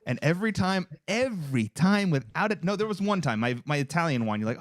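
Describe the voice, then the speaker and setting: A man in his thirties co-hosting a podcast, telling a story in casual chat, animated and profane. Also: a little high, a little fast, no echo, clean studio sound. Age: 30s. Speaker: podcast co-host.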